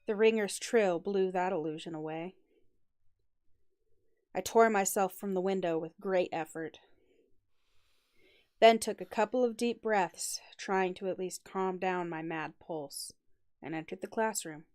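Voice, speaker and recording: A woman streamer reading a first-person story aloud with an expressive, dramatic delivery. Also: lowish voice. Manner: expressive, dramatic reading with quick laughing asides.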